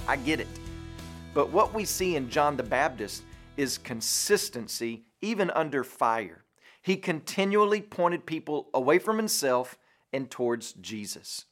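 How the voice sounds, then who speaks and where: A man's voice: mid-range voice, animated, moderate pace, a bit bright, faint music behind. A man delivering a short devotional sermon as a radio preacher, earnest and emphatic, stacking rhetorical questions.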